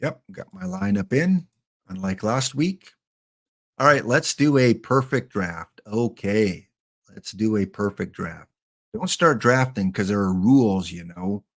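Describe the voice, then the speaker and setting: A man's voice: on the low side, lively intonation, unhurried, creaky. A man casually hosting a game live stream, chatting and joking with viewers by name.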